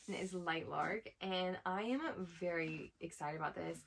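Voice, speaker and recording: A woman with a slightly low voice gushing over her favorite reads in a casual chat. She sounds eager and effusive, piling on praise with plenty of "like" and "super". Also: moderate pace, creaky, a bit bright, a little hiss or hum, low-quality recording. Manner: gushing, enthusiastic, filler "like". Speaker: co-host of a twin sisters' book channel. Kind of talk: casual book haul chat.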